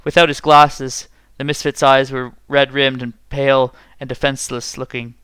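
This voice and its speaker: Brief: male narrator, bright resonant tone, dry close sound, steady reading. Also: medium pitch, normal speed, clean tone, dry recording. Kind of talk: story reading.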